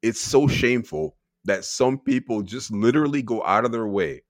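A man's voice: medium pitch, lively intonation, moderate pace, no echo, clean studio sound. A Canadian man guesting on a podcast, talking candidly and emphatically, swearing freely. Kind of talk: casual chat.

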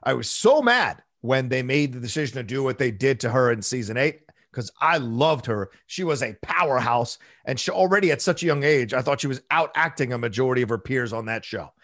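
A man's voice: medium pitch, animated, a little fast, hardly any pauses, fairly bright tone, dry recording, clean studio sound. A man guest on a film podcast, talking with passion and emphasis. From Latino (US). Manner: passionate, emphatic, preachy asides. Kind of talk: casual podcast chat.

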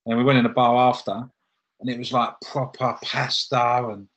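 Husky man telling stories. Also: medium pitch, normal speed, muffled recording. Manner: laughing, animated storytelling. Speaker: football manager guest. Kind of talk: casual chat.

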